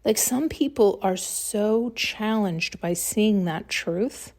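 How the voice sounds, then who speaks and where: A woman's voice: mid-range voice, slow pace, darkish tone. A woman hosting a podcast, giving a blunt, heated solo monologue during an intuitive reading and swearing freely. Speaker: podcast host.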